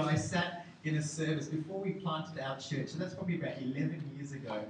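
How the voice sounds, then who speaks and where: A male pastor preaching a sermon with animated storytelling and self-mocking humor, in a large church hall. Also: high-pitched. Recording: echoey hall, distant mic, noisy.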